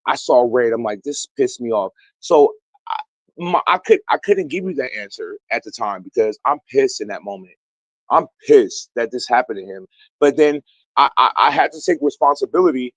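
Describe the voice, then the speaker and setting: A man's voice: medium pitch, animated, moderate pace, dry recording, rough recording. A young man calling into an online talk stream from outdoors, speaking in a profane, emphatic and rambling way, defending himself. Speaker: guest. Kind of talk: heated online call-in talk.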